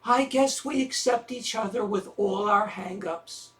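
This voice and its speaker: A man's voice: sits high, measured pace, a bit bright. An actor in an audio drama playing a self-deprecating man who talks with dry, wry sarcasm. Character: self-deprecating sarcastic middle-aged man, troubled lover.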